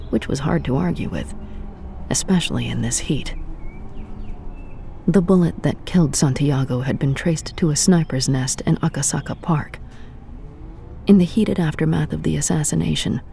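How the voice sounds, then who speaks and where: A narrator reading a scripted audio drama in a steady storytelling voice, giving every character a voice. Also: mid-range voice, creaky, a little hiss or hum.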